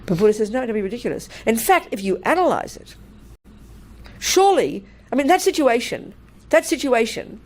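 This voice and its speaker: An older woman, a Buddhist nun, giving a dharma talk in a blunt, animated way and laughing through her stories. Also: a little high, moderate pace.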